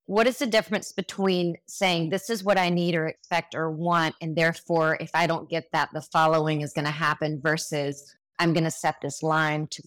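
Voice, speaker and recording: A woman hosting a podcast who reflects on her guest's points and asks thoughtful questions. Her voice sits fairly low. The sound is dry and close. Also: little pitch movement, normal speed, few pauses, fairly bright tone, no room sound. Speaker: podcast host. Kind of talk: podcast interview.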